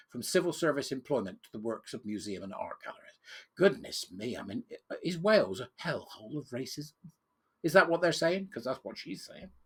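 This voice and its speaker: Scornful man with a bright husky voice. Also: mid-range voice. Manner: sarcastic, scornful and emphatic. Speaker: political commentator. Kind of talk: reading news and ranting commentary.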